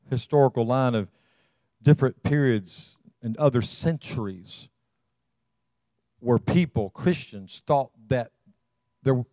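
A man's voice: medium pitch, dark tone, no echo. A man preaching to his congregation, emphatic and rousing, calling out to them again and again. His voice is recorded close and dry, with almost no room sound. He repeats words as he builds each point. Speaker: pastor. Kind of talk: sermon.

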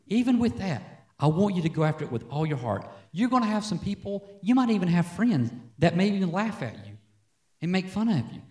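A man preaching to a congregation in an easy, conversational way, tossing out "Amen?" as he goes. His voice sits somewhat high and moves with lively swings in pitch. He is picked up from some distance in a roomy, echoing church. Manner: conversational preaching, frequent "Amen?" call-outs. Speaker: worship leader. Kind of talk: sermon. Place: church sanctuary.

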